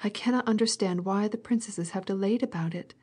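A woman's voice: mid-range voice, a little fast, dark tone, breathy edge, close to an everyday voice. A woman voicing a tearful, fretful older noblewoman who speaks in pleading, breathless exclamations.

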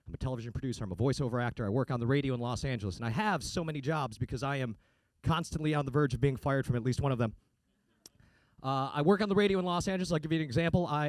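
A man's voice: on the high side, no echo. A man doing a stand-up comedy set, with a sarcastic, punchy delivery and mock voices. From United States.

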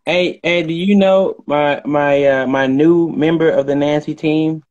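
A man's voice: fairly high pitch, fairly even intonation, unhurried, darkish tone, muffled recording. A man with a slightly raised voice boasts and rambles through loose comic banter. He repeats himself, veers off track and talks himself up on a live stream. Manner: boastful, rambling, slips into off-key singing. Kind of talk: comedic bragging banter.

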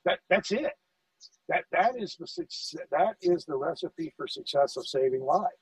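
A middle-aged man, a fire lieutenant in a casual podcast conversation, telling animated stories and acting out the dialogue. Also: a little high, normal speed, no room sound, distant mic. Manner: animated storyteller, acts out quoted dialogue, repeats words. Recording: dull dry audio, off-mic.

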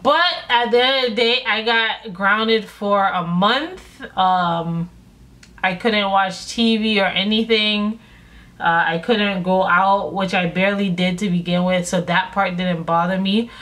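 A young woman talks straight to her viewers in a casual vlog storytime. She tells it with lively slang, jumping into other people's lines as she goes. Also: medium pitch, measured pace. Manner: animated storyteller acting out quotes. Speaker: vlogger.

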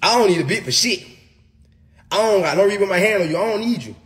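A man's voice: high-pitched, lively intonation, fast talker, a bit bright. A man ranting on a casual livestream, profane and emphatic, tacking "bro" onto nearly every sentence.

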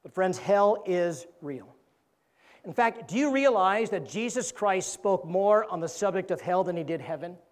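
A man, an evangelist preacher, delivering a sermon in a church and telling a joke with animated character voices. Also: sits high, measured pace.

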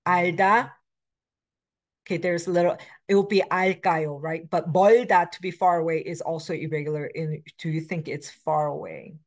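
A woman's voice: fairly low pitch, steady tone, quick pace. Woman teaching grammar with frequent fillers. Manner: explanatory, with frequent fillers and self-corrections; switches between English and Korean examples. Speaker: Korean language instructor. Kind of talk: recorded lecture.

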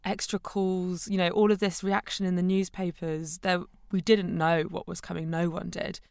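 A woman's voice: on the low side, little pitch movement, normal speed, creaky, darkish tone, clean tone, dry recording, studio quality. A British woman co-hosting a documentary podcast, explaining thoughtfully. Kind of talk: documentary conversation.

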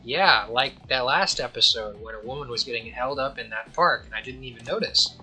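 A man's voice: mid-range voice, a little fast, sharp tone, faint music behind, poor audio. A man giving casual, jokey commentary on a video game, laughing often and reading the characters' lines aloud in playful voices. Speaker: let's player.

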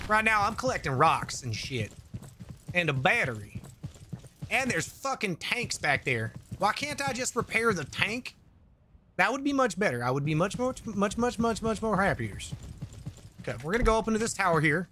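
Lively high-voiced swearing gamer man. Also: moderate pace, slight background noise. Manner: rambling, swearing, jokey asides, reads chat aloud. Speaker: gaming YouTuber. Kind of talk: casual let's-play commentary. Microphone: desk microphone.

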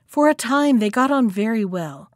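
Higher-voiced woman reading a folktale. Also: expressive, moderate pace, no echo, studio quality. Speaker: library storyteller. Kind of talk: storybook read-aloud narration.

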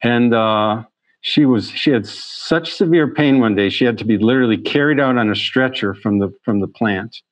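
In his talk on chronic pain, a physician recounts patient cases with earnest sincerity, restarting phrases again and again. He has a medium-pitched voice at normal speed, with no echo.

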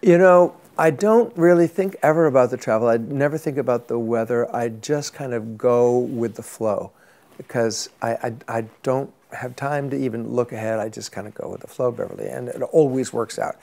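A man's voice: medium pitch, normal speed, vocal fry, a little mellow. An older man, an actor as interview guest, telling rambling anecdotes in a casual chat and often repeating words.

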